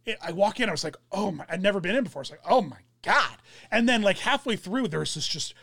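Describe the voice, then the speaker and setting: High-voiced rambling young man. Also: expressive, fast talker, a bit bright, no room sound, clean studio sound. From German descent. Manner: rambling storyteller, many fillers and restarts. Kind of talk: casual chat.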